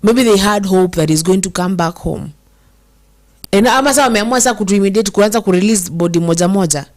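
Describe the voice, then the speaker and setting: A woman's voice: mid-range voice, a little mellow. A young Kenyan woman hosting casual commentary, reading viewer comments and mixing English and Swahili with feeling. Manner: code-switches English and Swahili, emotional, slows to stress words.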